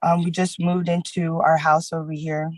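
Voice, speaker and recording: A woman giving testimony at a court hearing, retelling events in a halting way with many fillers. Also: low-pitched, little pitch movement, dry recording, low-quality recording.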